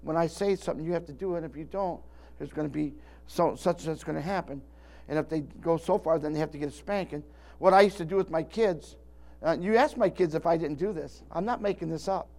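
A man's voice: fairly high pitch, fairly quick, a little mellow. Folksy older male preacher. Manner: folksy, rambling, with many restarts. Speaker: pastor. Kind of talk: sermon.

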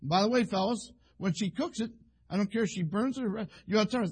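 Folksy husky-voiced preacher man. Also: high-pitched, fast. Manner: folksy, rambling, acts out quoted couples. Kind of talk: sermon.

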